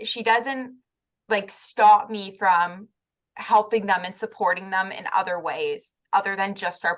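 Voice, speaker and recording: Woman co-host and youth worker, middle pitch, casual and heartfelt, fast with loose filler words. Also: fairly bright tone. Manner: quick and heartfelt, many "like" and "right" fillers. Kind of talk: casual conversation.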